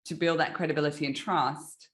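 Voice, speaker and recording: A woman's voice: sits low, fairly even intonation, fairly quick. A woman hosting an interview, encouraging her guest and adding her own agreeing remarks. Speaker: interview host.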